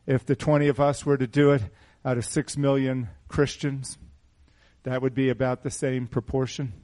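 A middle-aged man preaching a sermon in a small church, asking the congregation rhetorical questions in an animated way. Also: mid-range voice, moderate pace. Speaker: pastor.

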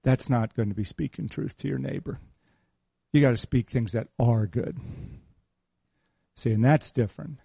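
A man's voice: medium pitch, normal speed, vocal fry, pauses often, warm tone, breathy edge, no echo, clean studio sound. A middle-aged man preaching a sermon in a conversational, teasing way, repeating his key phrases. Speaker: pastor.

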